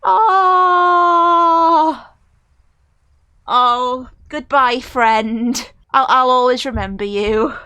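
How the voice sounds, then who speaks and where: A woman's voice: a little high, fairly even intonation, slow, few pauses, bright, forceful tone, clear, resonant tone, dry recording, highs cut off. A woman streaming a game live, reacting emotionally and exclaiming at the screen, teary and near crying.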